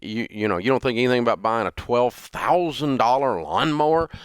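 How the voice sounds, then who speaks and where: A man's voice: mid-range voice, lively intonation, a little fast, clear, resonant tone, no echo, studio quality. A man in his sixties hosting a call-in money advice show, telling stories in a folksy way with lots of fillers. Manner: folksy storytelling, frequent fillers and restarts. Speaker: radio show host.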